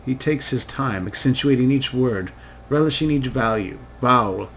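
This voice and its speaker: A man reading a game's narration aloud in a steady, descriptive way. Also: medium pitch, normal speed, slight background noise, poor audio. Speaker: let's play narrator. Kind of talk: reading game text aloud.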